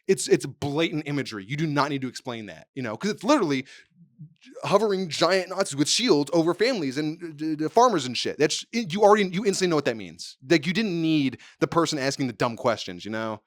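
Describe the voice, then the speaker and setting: A man's voice: on the high side, lively intonation, quick pace, no echo, clean studio sound. A man co-hosting a podcast in casual chat, rambling and swearing as he acts out quotes. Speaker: podcast co-host.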